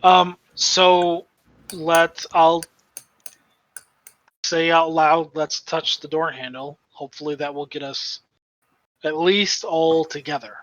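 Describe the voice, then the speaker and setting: A man's voice: a little high, steady tone, slow pace, pauses often, fairly bright tone, dull audio. A man playing in a tabletop game, talking in a wry, matter-of-fact way. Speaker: player. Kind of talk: casual tabletop game chat.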